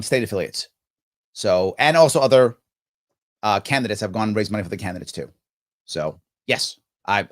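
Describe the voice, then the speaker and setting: A man hosting a live stream, chatting casually and answering viewer comments. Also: medium pitch. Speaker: host.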